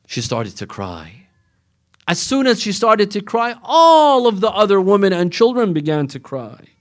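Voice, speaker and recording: A man's voice: high-pitched, big pitch swings, normal speed. A man who is a religious scholar, narrating a mourning sermon in a mosque, repeating phrases and breaking into sung lament. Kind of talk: emotional sermon narration with chanted elegy. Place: large mosque hall. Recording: echoey mosque hall, long reverb.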